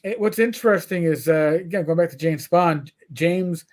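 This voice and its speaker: A middle-aged man with a notably high voice chats casually on a livestream. He tells long, meandering stories, swears freely and restarts his sentences often. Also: normal speed, a little mellow. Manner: rambling storyteller who swears and restarts a lot. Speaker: livestream co-host. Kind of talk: casual chat.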